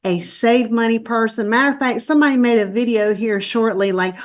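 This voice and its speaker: A woman's voice: fairly high pitch, lively intonation, moderate pace, few pauses, a bit bright. A woman in her fifties with a Southern US drawl, a guest speaker chatting effusively on a webinar. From Charlotte, North Carolina. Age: 50s. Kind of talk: casual webinar chat.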